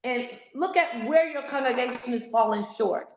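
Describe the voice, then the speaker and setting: A woman's voice: fairly high pitch, normal speed, roomy sound, low-quality recording. A woman author and speaker giving an interview, exhorting in an emphatic, sermon-like way. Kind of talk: candid interview, preacherly.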